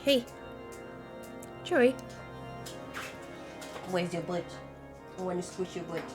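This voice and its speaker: A woman's voice: on the low side, lively intonation, slow, over music. A young woman streaming a game at home in casual, giggly chat, using baby talk with her dog.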